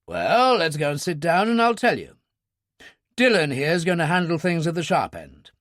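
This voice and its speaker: A man voicing a calm, commanding older British brigadier with a clipped delivery. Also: on the high side, normal speed, no room sound, clean studio sound. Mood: brisk. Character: brisk older British male brigadier, unflappable.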